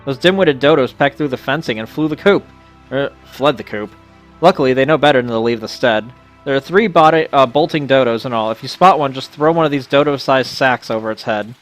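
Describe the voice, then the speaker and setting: Man doing harried farmhand, hurried, punny, mid-pitched, read-aloud game lines. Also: faint music behind, natural voice. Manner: hurried, pun-laden. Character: harried farmhand chasing loose birds. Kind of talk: reading game dialogue aloud.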